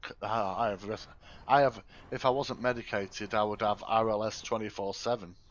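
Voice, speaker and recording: A man's voice: lowish voice, steady tone, normal speed, highs cut off. A middle-aged man live streaming, chatting casually to his viewers, rambling and correcting himself as he goes. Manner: rambling, talks to chat, frequent self-corrections. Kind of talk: casual chat while gaming.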